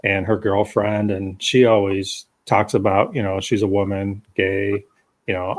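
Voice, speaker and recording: Low-voiced man, rambling podcast host. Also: flat delivery, unhurried. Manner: rambling, filler-heavy. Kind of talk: casual interview chat.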